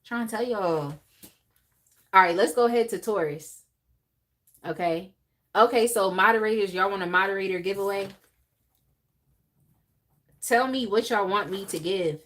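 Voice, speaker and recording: Animated woman chatting on a live stream. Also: medium pitch. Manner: animated, laughing, chatty asides. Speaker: tarot reader hosting a live reading. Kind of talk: casual live-stream chat.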